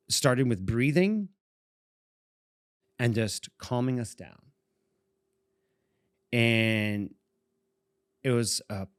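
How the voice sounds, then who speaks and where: Low-voiced man rambling through a story. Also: no room sound, studio quality. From Boston, USA. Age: 40s. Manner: meandering, chuckles often. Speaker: podcast co-host. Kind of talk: casual storytelling.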